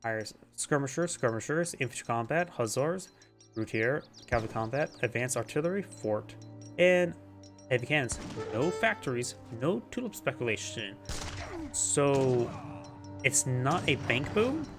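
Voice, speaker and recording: A man's voice: mid-range voice, lively intonation, unhurried, over music. Congested man casually casting a game. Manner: casual, thinking aloud, self-correcting. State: congested, stuffy nose. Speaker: game caster. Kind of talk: live game commentary.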